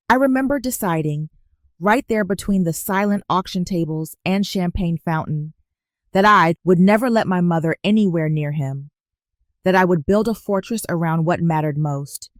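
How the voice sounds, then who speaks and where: A woman reads a first-person story aloud as scripted narration, keeping an even, measured delivery. Her voice sits on the low side, and the recording is dry and close with no room sound. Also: no room sound.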